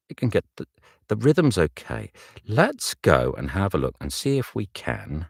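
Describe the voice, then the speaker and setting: A man's voice: deep voice, wildly swooping pitch, measured pace, gravelly, few pauses, no echo, clean studio sound. A man, an audiobook narrator, muttering his thoughts aloud while working in his home recording booth. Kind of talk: casual behind-the-scenes commentary.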